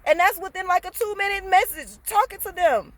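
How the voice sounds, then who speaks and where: This vlogger's voice is very high and her delivery brisk. Telling a laid-back storytime, she comes across as blunt and passionate, leaning on street slang and cursing without hesitation.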